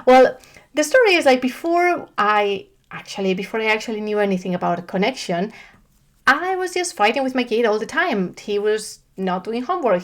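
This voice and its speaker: A woman in her thirties, a parent coach, talking casually to camera in a chatty, animated way with frequent restarts. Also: on the high side.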